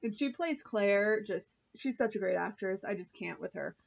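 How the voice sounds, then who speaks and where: A woman's voice: medium pitch, lively intonation, moderate pace, gravelly, muffled recording. A woman vlogger reviewing a TV episode in a chatty, gushing way, full of fillers and swearing. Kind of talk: casual chat.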